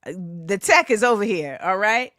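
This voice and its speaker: A woman in her forties hosting a livestream talk show, chatting animatedly and breaking into sing-song shout-outs to the chat. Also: medium pitch, big pitch swings, moderate pace, no echo, clean studio sound. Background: faint music.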